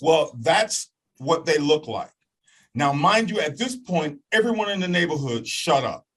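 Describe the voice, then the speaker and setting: A man telling a personal story as a guest in an animated way. He acts out voices and sounds and keeps checking in with "okay?". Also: on the high side, measured pace, breathy edge, poor audio.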